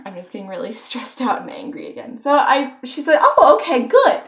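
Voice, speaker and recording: A woman's voice: on the high side, expressive, moderate pace, gravelly, fairly bright tone. A young woman telling a story on her vlog, rambling and filling her talk with "like.". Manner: rambling, filler-heavy with constant "like". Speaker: vlogger.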